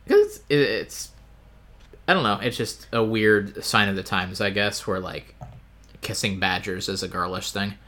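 A man's voice: fairly low pitch, a little slow, bright, forceful tone. A man co-hosting a casual book-discussion podcast, talking in a wry, rambling way with plenty of fillers. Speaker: podcast co-host.

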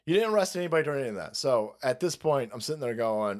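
Heated, swearing man with a lively pitch. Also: fast talker, few pauses, a little hiss or hum. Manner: heated, repetitive, mocking. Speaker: stream host. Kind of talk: profane political rant.

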